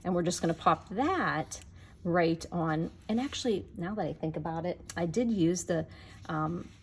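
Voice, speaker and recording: A woman's voice: lowish voice, normal speed. Woman, craft demonstrator, chatty, talks to viewers while working, faint noise behind. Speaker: card-making demonstrator. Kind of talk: casual crafting tutorial.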